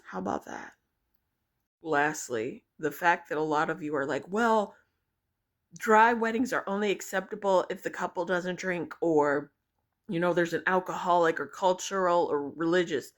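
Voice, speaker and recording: A woman's voice: fairly low pitch, moderate pace. A young woman vlogging her opinions, blunt and exasperated, swearing freely as she rants to her viewers. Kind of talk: opinion rant to camera.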